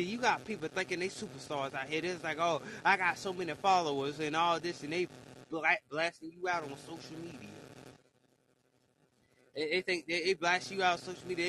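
Preachy man with a bright voice. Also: fairly high pitch, a little hiss or hum, low-quality recording. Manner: preachy, exclaims "Lord have mercy". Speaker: podcast host. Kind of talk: preachy motivational monologue.

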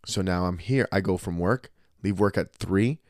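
A man's voice: low-pitched, moderate pace, darkish tone, no room sound, clean studio sound. A man hosting a podcast, talking casually in a blunt, profane, emphatic way. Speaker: podcast host and martial arts school owner.

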